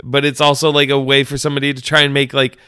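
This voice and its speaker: A man's voice: mid-range voice, level tone, fast, bright, forceful tone, smooth, no room sound, clean studio sound. A young man co-hosting a casual podcast, joking and arguing playfully, repeating words for laughs. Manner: jokey, argumentative, repeats words for comic effect. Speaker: podcast co-host. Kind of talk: casual chat. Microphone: studio mic.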